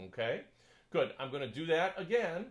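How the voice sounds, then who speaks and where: A man working as a choir conductor, coaching a section through a piece, counting in and singing parts, sometimes in falsetto. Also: sing-song, normal speed, low-quality recording. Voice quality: sings in falsetto. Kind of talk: choral coaching lesson.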